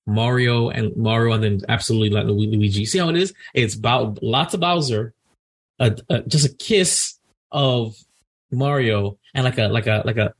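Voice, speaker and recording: A man co-hosting a casual chat, talking in an animated, indignant way with many restarts. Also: medium pitch, moderate pace. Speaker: podcast co-host.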